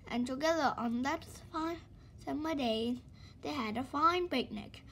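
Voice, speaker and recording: A woman reading a children's book aloud in a lively, expressive way. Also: high-pitched, measured pace, a little hiss or hum. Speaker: storybook reader.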